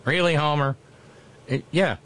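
A man's voice: fairly high pitch, a little slow, fairly bright tone. A man chatting casually as a co-host, sardonic and blunt. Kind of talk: casual chat.

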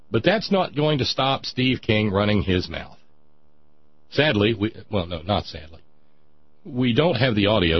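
A man hosting a sarcastic political commentary monologue, mocking and dry, with a husky voice. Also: on the low side, dry recording, muffled recording. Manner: sardonic, mocking, dry asides.

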